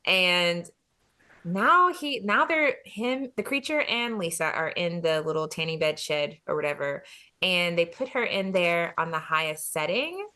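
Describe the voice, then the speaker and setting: A woman's voice: fairly low pitch, lively intonation, measured pace, pushed and bright. A woman co-hosting a film podcast, casually retelling the plot and often laughing. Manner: laughs often, retells scenes with playful voices. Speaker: podcast co-host. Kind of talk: casual film review chat.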